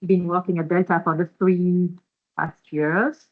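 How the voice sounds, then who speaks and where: A woman from France with a French accent, introducing colleagues at the start of a hybrid meeting in a halting, friendly way. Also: fairly low pitch, steady tone. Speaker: staff member introducing a meeting. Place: meeting room. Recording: muffled meeting-room recording.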